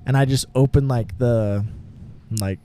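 A man's voice: medium pitch, fairly even intonation, unhurried, dark tone, a little hiss or hum. Laid-back young man telling a rambling story. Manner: rambling, filler-heavy, laughs often. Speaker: podcast co-host. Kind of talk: casual storytelling chat. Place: home garage.

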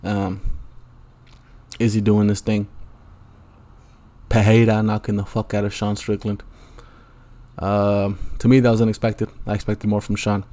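A man's voice: fairly low pitch, completely flat delivery, measured pace, long pauses, dark tone. A man hosting a solo podcast, rambling through a profane, crude rant with lots of ums and asides. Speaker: podcast host.

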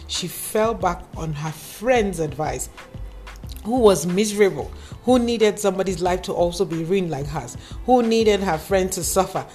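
A woman tells a cautionary story in a lively, lecturing way and speaks straight to her listeners. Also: medium pitch. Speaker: advice speaker. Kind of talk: moralizing storytelling monologue.

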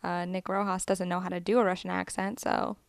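A woman's voice: lowish voice, flat delivery, brisk, creaky, clear, resonant tone, no room sound. A woman joining a podcast as a guest, giving her casual, matter-of-fact take on a movie. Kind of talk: casual chat about movies.

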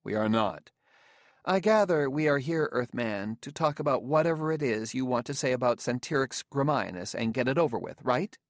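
A man voicing a sharp, haughty woman scientist. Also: mid-range voice, lively intonation, normal speed, dry recording, studio quality, pitched above the performer's own voice, natural voice. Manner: clipped, cool and imperious.

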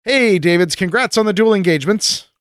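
A man's voice: sits high, a little fast, no room sound, clean studio sound. A man co-hosting a podcast, reading listener mail aloud in casual banter and laughing often. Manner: jokey, laughs often, lively delivery. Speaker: podcast co-host.

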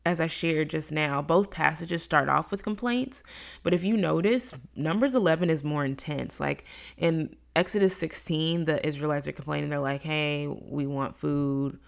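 A woman's voice: low-pitched, normal speed, vocal fry. A woman giving a casual Bible lesson, talking conversationally and acting out the complaints she quotes. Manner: conversational, acts out quoted complaints in lively voices. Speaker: Bible study teacher.

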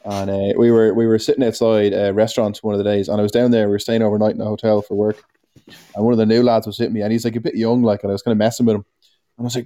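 A low, warm male voice in loose podcast banter, leading into a prank story with easy humor. He talks plainly and casually, and often laughs at his own jokes. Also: little pitch movement, racing. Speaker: podcast co-host. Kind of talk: casual chat.

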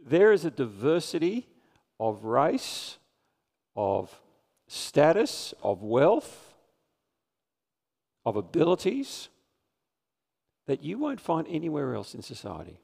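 A man preaching a Sunday sermon in a slightly high voice. He is earnest and conversational and keeps putting questions to the people in the pews. His words carry a long reverb from the church, as on a live stream. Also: huge pitch swings, slow, creaky, long pauses, a little mellow, breathy edge. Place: church sanctuary.

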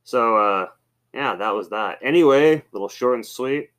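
A man's voice: medium pitch, lively intonation, normal speed, fairly bright tone. A man hosting a podcast, telling loose, rambling stories with swearing and many fillers. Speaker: podcast host. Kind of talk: casual storytelling monologue.

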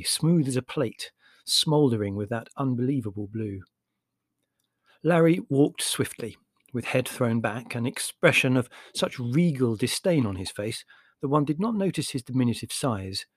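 A man's voice: medium pitch, no room sound. Dry-voiced man reading a memoir. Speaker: audiobook narrator. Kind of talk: scripted narration.

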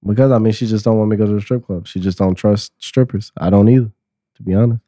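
A man's voice: lowish voice, fairly even intonation, fast, mellow, no echo. Man, panel guest, casual chat, laid-back, emphatic, dry sound.

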